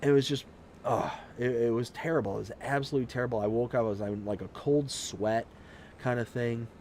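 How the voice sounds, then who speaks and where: A man's voice: mid-range voice, steady tone, fairly quick, darkish tone, slight background noise. A man hosting a live stream of a farming game, chatting casually with viewers and telling a long personal story in a rambling way with many restarts. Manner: reads out and thanks viewers' chat messages.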